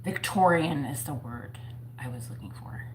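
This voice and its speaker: A woman's voice: deep voice, animated, moderate pace, a little hiss or hum, low-quality recording. A woman hosting a casual livestream from home, chatting with viewers in a playful, self-mocking way. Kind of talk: casual chat.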